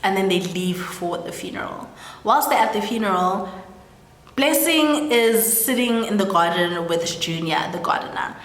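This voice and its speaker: A woman's voice: medium pitch, lively intonation, moderate pace. A South African woman from South Africa casually recapping a story, saying "like" a lot and acting out the characters' lines. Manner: chatty, says "like" often, acts out quoted lines. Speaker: storytelling host. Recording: echoey room with long reverb.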